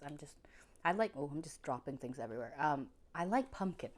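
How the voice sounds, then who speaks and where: A woman's voice: low-pitched, animated, fast talker. A young woman food vlogger, chatty and effusive, talking casually between bites and laughing often. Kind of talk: casual mukbang food review.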